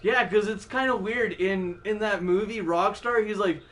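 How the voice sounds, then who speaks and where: A man's voice: high-pitched, moderate pace, hardly any pauses, a bit bright. A man hosting a music stream who tells rambling stories in casual chat, laughing often and swearing a lot.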